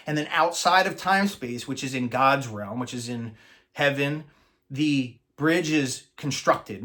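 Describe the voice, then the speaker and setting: A man coaching listeners in an earnest, explanatory teaching monologue, slowing down to stress key phrases. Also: mid-range voice, fairly bright tone. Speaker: manifesting coach.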